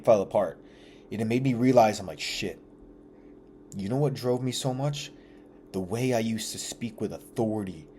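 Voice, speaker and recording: A young man with a fairly low, mellow voice speaks in a candid personal reflection. He is earnest and confessional, and he slips into casual slang and the odd curse as he opens up. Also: a little hiss or hum. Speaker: vlogger.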